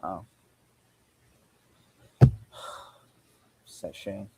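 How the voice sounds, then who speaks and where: A man's voice: very slow, warm tone. Jokey man hosting a podcast. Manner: jokey, mimics lines from the show. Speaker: podcast host. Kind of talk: casual chat.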